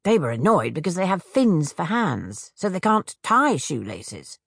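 A woman voicing an odd, talkative female hag from a storybook, rattling off brisk asides, with a gravelly, husky voice. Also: on the low side, very animated, a bit bright, no room sound, studio quality, full character voice. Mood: breezy.

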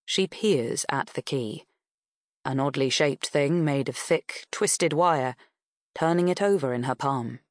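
A woman narrating an audiobook in a measured, even storytelling manner. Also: very deep voice, no room sound, studio quality.

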